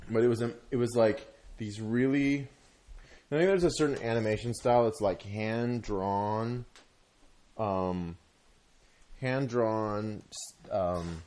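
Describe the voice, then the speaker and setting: Man, lowish voice, casual chat, rambling, halting, swears a lot. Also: warm tone.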